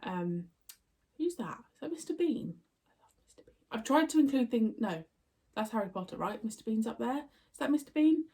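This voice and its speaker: A woman's voice: on the high side, animated, moderate pace, mellow, husky, recorded from a distance. A woman in her thirties hosting a reaction video, chatty and bubbly, rambling casually. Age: 30s. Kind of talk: casual chat.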